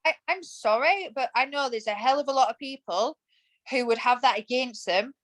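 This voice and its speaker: A woman's voice: high-pitched, moderate pace, fairly bright tone, poor audio. A woman in her thirties, a podcast guest, talking in a passionate, emphatic way in a casual interview. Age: 30s. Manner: emphatic and passionate, acts out quoted thoughts.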